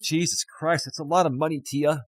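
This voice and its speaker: A man's voice: on the high side, fairly even intonation, moderate pace, dry recording. A man hosting a live stream as a life coach, ranting at critics and getting emotional while reading out super chats. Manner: indignant rant turning to emotional gratitude. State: emotional, near tears.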